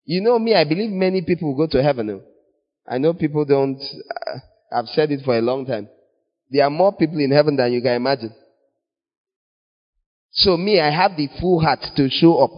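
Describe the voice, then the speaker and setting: A man preaching a sermon in an animated way, acting out little scenes in other voices. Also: a little high, moderate pace, long pauses. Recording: dull long reverb of a large hall.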